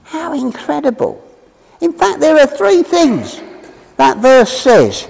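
A man preaching a sermon and telling his own story, emphatic, swinging from loud calls to low drawn-out words. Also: huge pitch swings, gravelly, long reverb tail, low-quality recording. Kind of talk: street preaching sermon with personal testimony.

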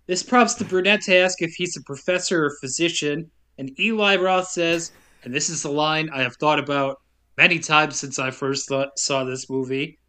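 A man's voice: a little high, normal speed, pushed and bright. A man co-hosting a podcast, recapping a movie plot in casual chat with a wry, laughing delivery.

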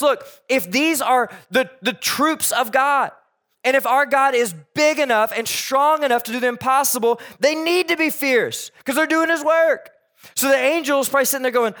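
Animated male pastor with a high voice. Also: moderate pace. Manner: animated, jokey, voices characters in quotes. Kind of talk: sermon.

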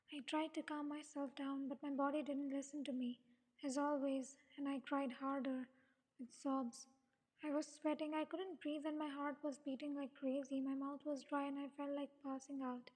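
High, flat woman narrating with reverb. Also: moderate pace. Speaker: fanfiction audio reader. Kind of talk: first-person story narration. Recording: long reverb.

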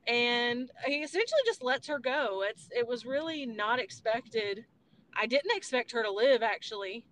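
A woman's voice: fairly high pitch, animated, moderate pace, a bit bright. Rambling young woman chatting about a film. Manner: rambling, retells scenes with quoted voices, swears. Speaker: podcast host. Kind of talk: casual movie chat. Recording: faint background noise.

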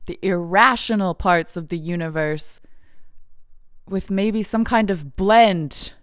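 A woman's voice: medium pitch, takes it slowly, no echo, clean studio sound. A woman talking in a casual, meandering monologue, full of fillers and frequent laughs.

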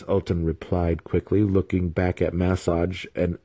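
A man narrating a fantasy novel as an audiobook reader, in a measured, even storytelling manner. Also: deep voice, dry recording.

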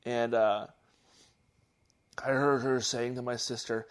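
A man casually telling a childhood story on a podcast, halting and restarting often. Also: medium pitch. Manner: halting, with many restarts and fillers; gets animated at the story's peak. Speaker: podcast host.

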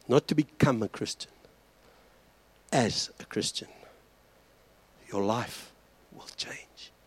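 Man, pastor, earnest sermon, emphatic repetition, mid-pitched voice. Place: church hall.

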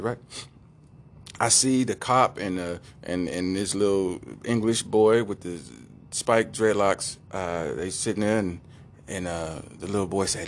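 A man's voice: sits low, fairly even intonation, unhurried. A man co-hosting a podcast, telling a rambling comic story and laughing often as he goes. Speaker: podcast co-host. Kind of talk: comedic storytelling.

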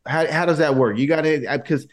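A man's voice: on the high side, fairly quick. A man co-hosting a podcast, joking and teasing in blunt, profane casual chat. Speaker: podcast co-host.

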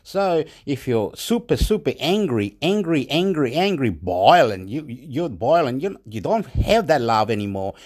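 A man from Chile, talking in a rambling, profane monologue in broken English that jumps between loud and soft. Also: mid-range voice, unhurried, hardly any pauses. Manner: excitable, repetitive, swings loud and soft.

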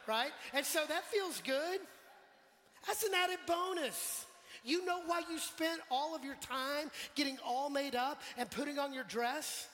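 A male pastor preaching a sermon in a relaxed, conversational way, putting questions to the congregation and joking with them. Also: extremely high pitch, moderate pace. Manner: conversational, quizzes the congregation, jokes. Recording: long church hall reverb.

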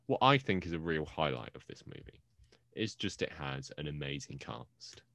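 A young man hosting a casual podcast chat, enthusiastic and quick to laugh. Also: a bass voice, very animated, a bit bright, no room sound. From England. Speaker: podcast host.

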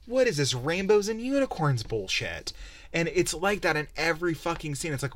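A man's voice: on the high side, sing-song, fast, a bit bright, no room sound. A young man hosting a podcast, giving a profane, exasperated, rambling game review on a close mic. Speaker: podcast host. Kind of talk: casual game-review rant.

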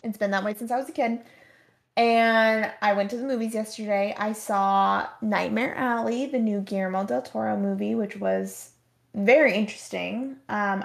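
Young woman, podcast guest, gravelly fry, slightly high voice, rambling chat. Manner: rambling, heavy on "like". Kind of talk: casual storytelling.

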